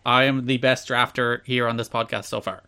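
Male podcast host, mid-pitched, boastful and ribbing in casual chat. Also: flat delivery, moderate pace, bright, forceful tone, smooth. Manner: boastful, teasing.

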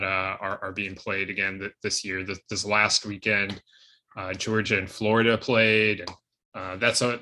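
A man's voice: on the low side, bright, forceful tone. A man co-hosting a sports podcast in casual chat, loose and full of filler words and restarts. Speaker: podcast co-host.

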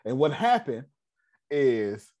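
A man's voice: mid-range voice, big pitch swings, takes it slowly, dark tone. A man leading a motivational seminar, preaching and firing rhetorical questions at his audience. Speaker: seminar leader. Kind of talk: motivational teaching.

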